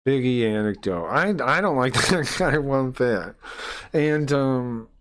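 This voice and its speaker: A man streaming, telling a long story in a rambling, animated way and swearing freely. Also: medium pitch, slow pace.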